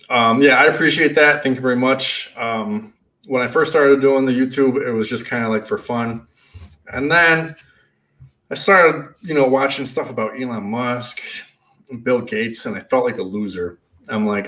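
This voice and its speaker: A man who runs a party rental business, telling stories in a casual, animated way and acting out the shouting in them. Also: mid-range voice, distant mic. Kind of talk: casual storytelling.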